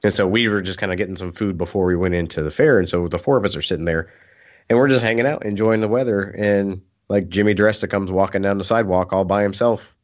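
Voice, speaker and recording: A man with a lowish voice tells a story in relaxed conversation. He acts out the people he quotes. The sound is a little muffled and lo-fi. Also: fast. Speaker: podcast co-host. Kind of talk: casual storytelling chat. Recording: muffled lo-fi recording.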